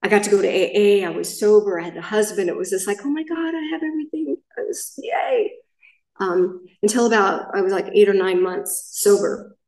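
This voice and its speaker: A woman's voice: medium pitch, darkish tone, recorded from a distance. Middle-aged woman, main speaker at a recovery meeting; candid, rambling share with restarts; picked up from afar in a reverberant room. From Southern California. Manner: candid, rambling storytelling with self-corrections.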